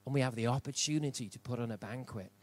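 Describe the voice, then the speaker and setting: A man's voice: medium pitch, fast talker, no room sound. An older man preaching a sermon in church, emphatic and repeating key phrases for stress. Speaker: pastor.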